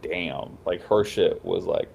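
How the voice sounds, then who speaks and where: A man's voice: sits low, normal speed, highs cut off. A young man co-hosting a podcast, talking in a crude, slangy way and laughing often. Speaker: podcast co-host. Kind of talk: casual chat.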